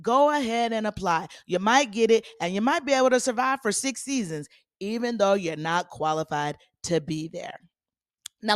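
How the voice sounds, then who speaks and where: A woman hosting a solo commentary podcast, talking in a sassy, animated way with playful asides to her listeners. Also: mid-range voice, no echo, clean studio sound. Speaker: podcast host.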